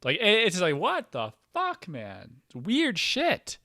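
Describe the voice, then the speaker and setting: A young man hosting his own show, talking casually to camera in a rambling, profane way that swings from loud outbursts to low mumbling. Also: huge pitch swings, moderate pace, creaky, slight background noise. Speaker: podcast host. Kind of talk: casual solo talk to camera.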